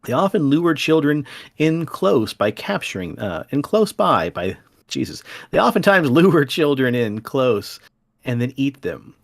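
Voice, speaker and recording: A male podcast host who tells folk tales with playful drama. His voice swoops up and down with lively inflection, and he leans into the spooky parts of the story. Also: medium pitch, a little slow, creaky.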